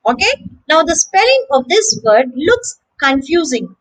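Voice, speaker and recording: A woman teaching English pronunciation, saying each word slowly and several times with clear syllable stress. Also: high-pitched, big pitch swings, low-quality recording. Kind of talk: slow, careful pronunciation lesson.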